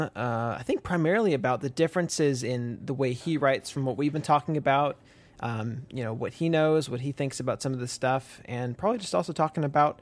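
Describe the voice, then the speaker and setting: A young adult man co-hosting a writing podcast, talking casually and rambling through announcements with plenty of fillers. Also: mid-range voice. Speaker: podcast co-host. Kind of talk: casual chat.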